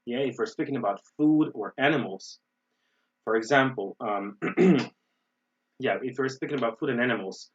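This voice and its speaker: A man from the USA with an American accent, teaching an online webinar lesson in an explanatory way, often checking in with "right?" and pausing with "um". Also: mid-range voice, distant mic, muffled recording. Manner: explanatory, frequent "right?" and "um" fillers. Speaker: English teacher.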